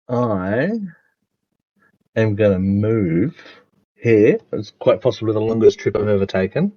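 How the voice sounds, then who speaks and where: A man's voice: lowish voice, a little slow, dry recording. A man casually playing a tabletop game in a playful, easygoing way. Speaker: player. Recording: dull, dry lo-fi mic.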